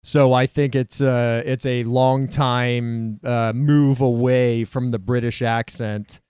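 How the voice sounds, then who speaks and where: Smooth-voiced man bantering. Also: medium pitch, flat delivery, slow, a little mellow, no room sound, clean studio sound. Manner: teasing, argumentative banter. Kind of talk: casual podcast chat.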